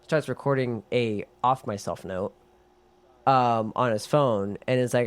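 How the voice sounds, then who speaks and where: A man co-hosting a podcast, casually recapping a film in an animated way, swearing and acting out quotes. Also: mid-range voice, normal speed. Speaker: podcast co-host.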